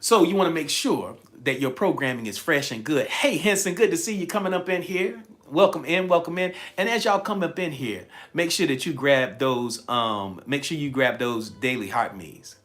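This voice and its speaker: A man with a fairly high voice hosts a live-streamed coaching talk, speaking at a moderate pace with few pauses. He is energetic and chatty, repeating key phrases and greeting viewers by name.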